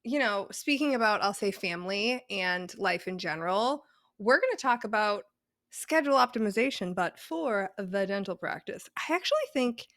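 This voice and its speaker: A woman's voice: medium pitch, expressive, moderate pace, fairly bright tone, no echo, studio quality. A woman with a Boston accent co-hosting a podcast in a casual, chatty, rambling way. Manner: chatty and playful, rambling with fillers. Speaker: podcast co-host. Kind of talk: casual chat.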